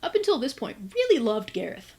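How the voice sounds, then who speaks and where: A woman's voice: fairly high pitch, wildly swooping pitch, a little fast, a little mellow. A woman book reviewer giving a casual, chatty plot recap with exasperated asides.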